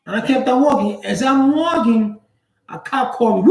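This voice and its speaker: A man telling a personal story in a casual, blunt way, with street slang and swearing. He acts out the other people's lines with sudden jumps in pitch. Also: moderate pace, creaky, echoey room, poor audio. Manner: animated, acts out quoted dialogue with big pitch jumps. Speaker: channel host.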